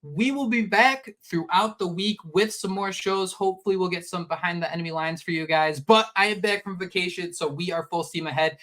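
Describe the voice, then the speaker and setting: A man co-hosting a casual sports podcast, talking in an animated, rambling way and restarting his sentences often. His voice sits a little higher than most men's. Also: a little fast, few pauses. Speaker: podcast co-host.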